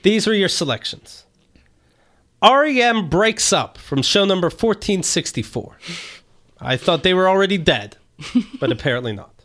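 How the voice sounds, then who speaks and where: Loud, jokey male podcast host. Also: high voice, sing-song, moderate pace, long pauses. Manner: loud, jokey, slips into voices. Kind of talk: casual comedy chat.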